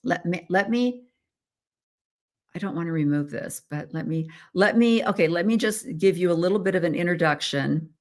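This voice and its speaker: At a normal speed and fairly low pitch, an American podcast host from the United States talks casually by herself. She drifts along in a chatty way, with lots of fillers and restarts.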